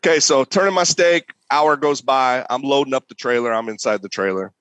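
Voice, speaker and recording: A man's voice: medium pitch, a little fast, no room sound. A young man, a competition barbecue cook, casually telling a story and acting out the voices in it. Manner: animated, acts out voices.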